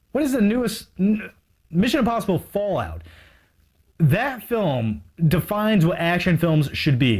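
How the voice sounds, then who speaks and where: A man showing his movie collection in a casual, unscripted video, rambling with enthusiasm and poking fun at himself. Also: fairly high pitch. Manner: rambling, enthusiastic, self-mocking.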